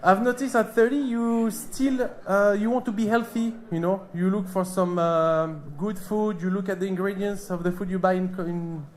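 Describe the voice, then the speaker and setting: A man in his thirties from France with a French accent, performing a stand-up comedy set with a deadpan, hesitant delivery on a club stage. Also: sits high, moderate pace, hardly any pauses. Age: 30s.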